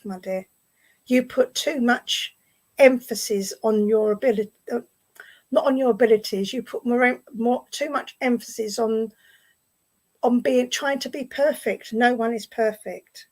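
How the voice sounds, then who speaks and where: A woman with an English accent giving a clairvoyant message at a spiritualist service, gently reassuring and often repeating her phrases. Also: fairly high pitch, low-quality recording. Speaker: medium. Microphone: online video stream.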